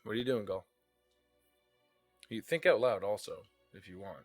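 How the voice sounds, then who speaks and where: A man's voice: lowish voice, lively intonation, normal speed, no room sound, faint music behind. A man narrating as dungeon master, casual and loose, swearing at times. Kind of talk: narrating a tabletop game.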